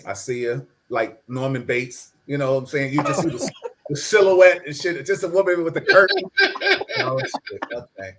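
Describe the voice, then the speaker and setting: With some background noise behind him, a man of middle age recounts a story from his childhood in a relaxed chat. He speaks at a normal speed in a mid-range voice, laughing a lot and animatedly imitating the characters' voices.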